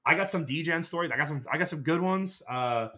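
A man in casual podcast chat, telling a rambling, animated story. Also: on the high side, fairly quick.

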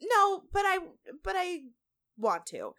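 A woman's voice: very high voice, slow. A woman co-hosting a podcast, chatting animatedly with blunt opinions and easy laughter. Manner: animated, laughs easily, makes blunt side points. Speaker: podcast co-host. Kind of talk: casual chat recapping a reality show.

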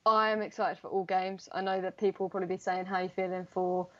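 A woman's voice: on the low side, little pitch movement, fast talker, a bit bright, muffled recording. A young woman, a footballer, chatting casually in an interview, rambling with lots of fillers. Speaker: footballer guest.

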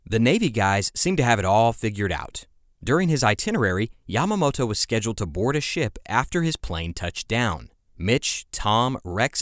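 A man with a lowish voice narrates a history podcast in a relaxed, conversational way, slipping casual asides into the scripted telling. The recording is close and dry, with no room sound. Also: no echo. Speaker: podcast host.

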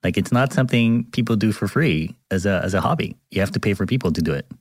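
Male podcast co-host, slightly low voice, curious and teasing questioner. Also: animated, fast talker, dry recording. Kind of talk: casual podcast chat.

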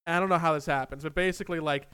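A young man tells a story with animated, self-mocking energy and plenty of swearing. His voice sits a little high and comes through smooth and clear. The sound is dry and close. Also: rapid-fire, no room sound. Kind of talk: casual storytelling chat.

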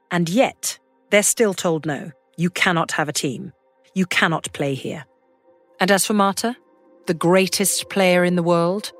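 A woman host reading scripted documentary narration in a measured storytelling manner. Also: on the low side, no room sound.

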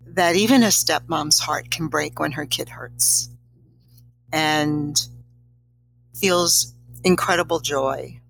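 A woman's voice: sits low, gravelly, fairly bright tone, a little hiss or hum, poor audio. A middle-aged woman, a guest on an interview show, telling a personal story in a reflective, slightly teary way. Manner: emotional, reflective, a little teary.

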